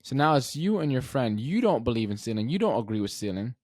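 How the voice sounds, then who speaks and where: A man's voice: medium pitch, big pitch swings, quick pace, darkish tone, no echo, clean studio sound. A man hosting his own podcast, talking straight to listeners in a conversational way, full of "right?" and asking them questions. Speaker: podcast host. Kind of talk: solo podcast monologue.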